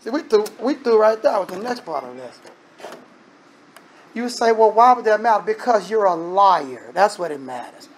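A man preaching a sermon in a conversational, emphatic way, breaking into sudden loud bursts. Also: high voice, big pitch swings, moderate pace, slight background noise.

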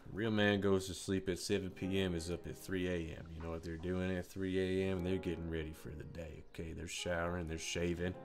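A man putting on a gruff country fisherman. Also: low-pitched, little pitch movement, brisk, few pauses. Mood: folksy. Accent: put-on American country accent. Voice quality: drawling, folksy. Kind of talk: live stream role-play.

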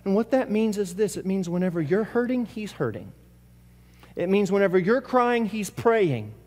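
High-voiced preaching man, echoing hall. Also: expressive, moderate pace. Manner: impassioned preaching with repetition and sudden swings between loud and hushed. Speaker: pastor. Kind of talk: sermon. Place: church service.

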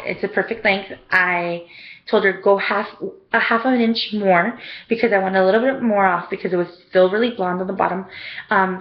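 A woman's voice: medium pitch, highs cut off. A young woman casually telling a rambling story for her vlog, full of "like" and "um". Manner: chatty, rambling, lots of "like" and "um". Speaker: vlogger.

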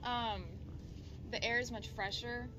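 Soft-spoken young woman with hesitant ums. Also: fairly high pitch, steady tone, takes it slowly, rough recording. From Oklahoma. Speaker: interviewee. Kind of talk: casual interview chat.

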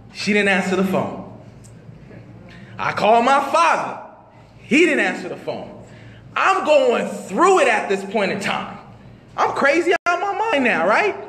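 A male minister tells his own story from the pulpit, animated and full of street slang. His voice sits very high and swings up and down. It rings through a mosque hall with a long reverb tail. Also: a little hiss or hum. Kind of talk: testimony sermon.

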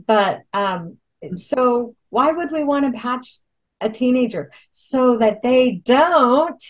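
Slow and expressive, a woman with a slightly high voice chats casually in Hawaii, telling stories as a product presenter and often saying um or starting over. The recording is low quality.

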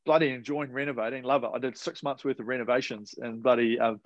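A man's voice: mid-range voice, fairly even intonation, fast, no echo, dull audio. A man with a New Zealand accent, a podcast guest telling sports stories in a laid-back, slangy way with casual swearing. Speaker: podcast guest, retired rower. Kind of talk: casual storytelling chat.

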